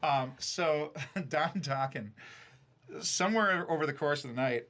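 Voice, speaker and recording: A man casually telling road stories from his band days, profane and animated, full of fillers. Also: a little high, measured pace. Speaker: streamer and band frontman. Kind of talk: casual storytelling chat. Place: recording studio.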